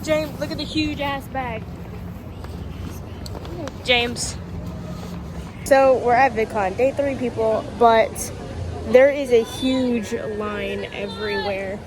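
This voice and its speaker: A woman casually vlogging to camera from her phone, excitable and playful, swearing now and then. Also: on the high side, slow, pauses often, noisy background. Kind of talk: casual vlog chatter to camera. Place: stores, streets and a theme-park district.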